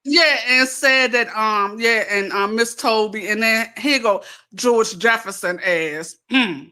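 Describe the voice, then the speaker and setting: Woman, heated casual chat, cussing, mocking, bright tone. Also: fairly high pitch, takes it slowly. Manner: profane, ranting, mocking. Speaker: guest in live chat room.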